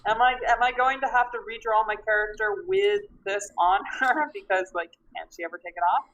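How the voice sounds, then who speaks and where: A woman's voice: medium pitch, a little fast, fairly bright tone, dull audio. Hesitant woman player giving feedback. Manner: thoughtful, hesitant, searching for words. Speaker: tabletop player and character artist. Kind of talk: casual feedback chat after a game session.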